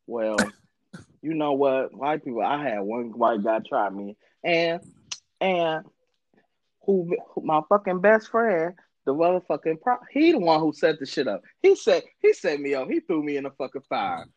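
A man hosting a podcast, telling a story in loose, profane chat. His pitch swings widely as he acts out the people he quotes. The sound is dry, a little dull and lo-fi. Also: sing-song, unhurried, a little mellow, dry recording. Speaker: podcast host.

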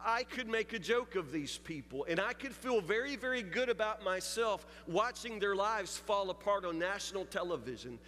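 A man's voice: sits high, animated, moderate pace, few pauses, bright, forceful tone, a little hiss or hum. A man preaching a sermon, telling a story in a confessional, building way. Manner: storytelling, confessional, rising intensity. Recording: long hall reverb with faint music.

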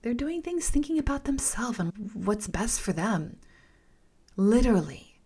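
A woman's voice: a little high, sing-song, unhurried, dark tone, breathy edge. A woman hosting a podcast, telling a personal story in a candid, emphatic way, repeating words for stress, often dropping to a whisper and speaking to listeners as "you guys.". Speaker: podcast host.

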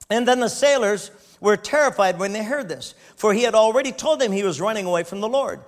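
A man's voice: sits high, lively intonation, a little fast, hardly any pauses. A man preaching a sermon, reading scripture aloud and breaking off to comment with frequent laughter.

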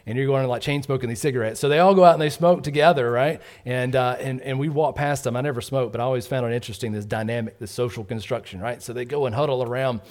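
A man's voice: mid-range voice, steady tone, fast, few pauses, a little mellow. A middle-aged man preaching a sermon, who asks "right?" again and again and acts out the voices of gossipers as he goes.

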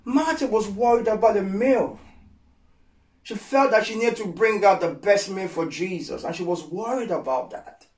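A man preaching a sermon with passion, repeating phrases for emphasis and swinging from hushed, gentle lines to loud, pleading ones. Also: high-pitched, normal speed. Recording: echoey sound from a distant mic.

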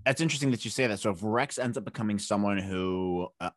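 A man's voice: on the low side, fast, dry recording, studio quality. Joking man hosting a chatty podcast. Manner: joking, animated, jumps into silly voices and laughs. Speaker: podcast co-host. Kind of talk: casual chat.

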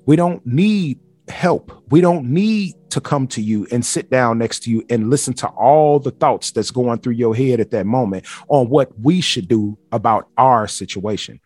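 A man's voice: medium pitch, animated, moderate pace, hardly any pauses, darkish tone, no room sound. A man hosting a solo podcast, talking bluntly and emphatically with plenty of swearing. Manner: blunt, emphatic, profane ranting. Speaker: podcast host.

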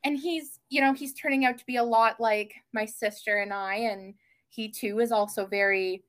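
Chatty young woman, animated storyteller. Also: a little high, normal speed. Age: young adult. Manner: animated storyteller, gasps and mimics family voices. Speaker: podcast guest. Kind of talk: casual chat.

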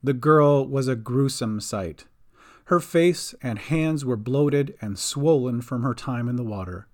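A man giving scripted narration of a fantasy audio story, expressive and doing all the voices himself. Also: medium pitch, unhurried.

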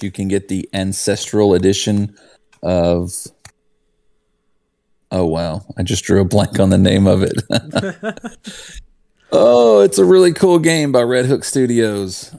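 A man's voice: fairly low pitch, gravelly, mellow, dry recording. A man chatting casually as a podcast panelist, rambling and correcting himself as he goes. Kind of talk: casual chat.

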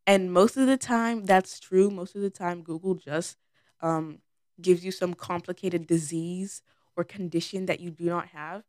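A woman's voice: fairly low pitch, steady tone, measured pace, a little mellow, dry recording, clean studio sound. A teenage girl hosting her own episode, talking casually and rambling with lots of "like" and "um". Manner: chatty and rambling, many "like"s and "um"s. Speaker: podcast host. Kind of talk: casual personal monologue.

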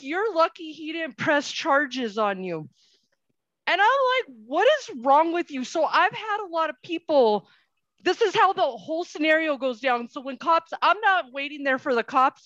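A woman's voice: high voice, dry recording. A woman in her forties telling a story casually and acting out the exchanges in it. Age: 40s. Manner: animated storytelling with quoted exchanges. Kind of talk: casual conversation. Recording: dull lo-fi sound.

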